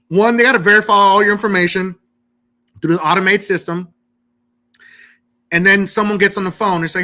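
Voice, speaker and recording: A man with a high, bright and forceful voice hosts a live-stream Q&A on money matters. He talks emphatically. He keeps checking in with his viewers by asking "okay?". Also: brisk, long pauses. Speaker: credit repair host.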